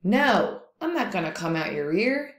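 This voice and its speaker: A woman's voice: medium pitch, big pitch swings, unhurried, roomy sound. A woman voicing a bold, stubborn male coyote who snaps out orders in a storybook tale. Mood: bossy. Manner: bossy, sharp commands.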